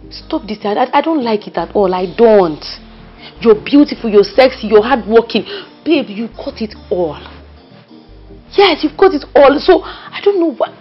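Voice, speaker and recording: Actress doing Nigerian best friend, emphatic and lively, dull film audio with faint music. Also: female voice, medium pitch, close to an everyday voice. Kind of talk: Nollywood film acting.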